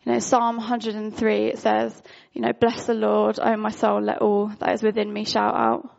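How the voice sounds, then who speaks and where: A woman's voice: mid-range voice, completely flat delivery, normal speed, gravelly, darkish tone, dull audio. A woman giving an informal, candid sermon, talking conversationally with frequent fillers. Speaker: worship speaker.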